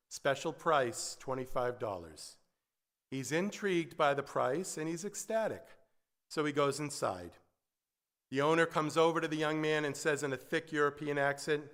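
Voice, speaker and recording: A man's voice: fairly high pitch, normal speed, a bit bright. A man leading a Shabbat service, singing prayers and then giving a sermon with a story and dry asides. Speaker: service leader. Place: synagogue sanctuary. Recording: echoey hall with guitar behind.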